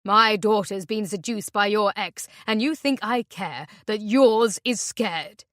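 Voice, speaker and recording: Woman putting on a creepy mocking guy with a knife, loud and nasty, dry sound. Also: mid-range voice, lively intonation, moderate pace, no echo, natural voice. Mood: furious. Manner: sinister, mocking, shouting. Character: menacing middle-aged man holding a knife.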